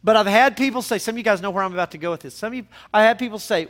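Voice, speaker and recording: A man's voice: high-pitched, quick pace, few pauses, fairly bright tone. A man preaching a sermon as pastor, speaking conversationally and rising to emphatic peaks.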